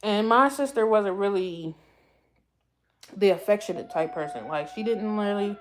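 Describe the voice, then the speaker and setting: A young woman from the US East Coast talks casually on a livestream, in a voice that sits at an ordinary middle pitch. She speaks in a heartfelt, rambling way, circling back and repeating her phrases as she talks straight to her viewers. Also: normal speed, slight background noise. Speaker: YouTube livestream host.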